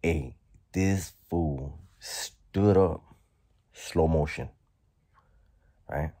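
A man vlogging, telling a story casually in a profane, slangy, animated way. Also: very deep voice, drawn-out words, husky.

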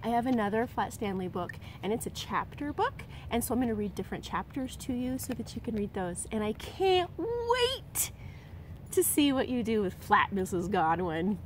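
A teacher reading a picture book aloud to children, gently pausing to ask them questions. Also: female voice, medium pitch, slight background noise.

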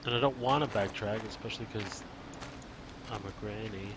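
A man's voice: fairly low pitch, moderate pace, noisy background. A man hosting a let's play, chatting and joking to himself while he explores a game. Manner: chatty, musing aloud, joking. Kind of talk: casual gameplay commentary.

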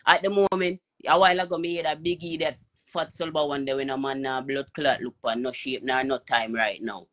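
A man's voice: medium pitch, steady tone, brisk, fairly bright tone. A man with a Jamaican accent, cursing and emphatic as he rants on a phone live stream. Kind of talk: heated live-stream rant.

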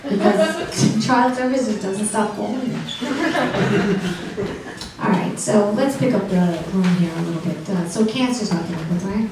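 A middle-aged woman doing a stand-up comedy set with dry, deadpan delivery and audience banter. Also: medium pitch, a little slow. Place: comedy club stage. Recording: echoey club room from far off, noisy.

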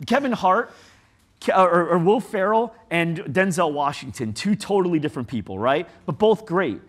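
A man speaking as a guest in an interview, animated and storytelling, leaning on "like" a lot. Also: high voice, normal speed. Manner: animated, storytelling, says "like" often. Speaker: guest agency CEO. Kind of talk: conversational interview.

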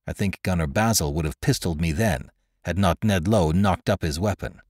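Deep-voiced, lively male storyteller. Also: normal speed, no room sound, clean studio sound. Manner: dramatic, expressive first-person storytelling. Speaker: narrator. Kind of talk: scripted audiobook narration.

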